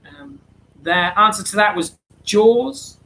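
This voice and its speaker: A man's voice: high-pitched, takes it slowly, bright, forceful tone, a little hiss or hum, poor audio. A man hosting an online charity quiz, reading out answers in a chatty, slightly flustered way. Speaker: quiz host.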